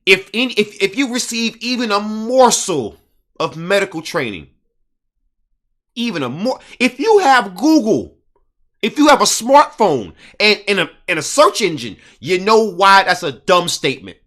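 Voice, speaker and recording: A man's voice: high-pitched, big pitch swings, a little slow, a bit bright. A man giving indignant casual commentary, hammering his points with repetition and reading passages aloud from an article.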